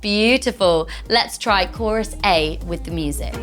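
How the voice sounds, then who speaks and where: A woman leads a children's singing lesson in an unhurried, encouraging way, stopping often to praise and explain with playful images. Soft backing music sits faintly behind her voice. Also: medium pitch.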